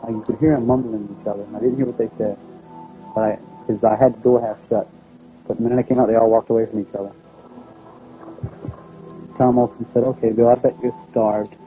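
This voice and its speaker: A man telling a personal story in a plain, halting, conversational way. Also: lowish voice, fairly even intonation, warm tone, soft background music, rough recording. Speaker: storyteller recounting a personal experience. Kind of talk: first-person spoken recollection.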